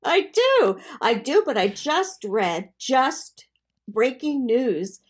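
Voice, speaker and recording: An older woman chatting as co-host with her son, animated, giggly and emphatic. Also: sits high, slow pace, husky. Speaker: co-host, the host's mother. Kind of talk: casual chat.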